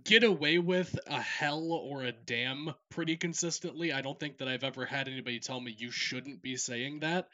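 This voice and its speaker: A man's voice: medium pitch, normal speed, few pauses, pushed and bright, highs cut off. A man who works as an esports caster, giving direct advice in casual podcast talk.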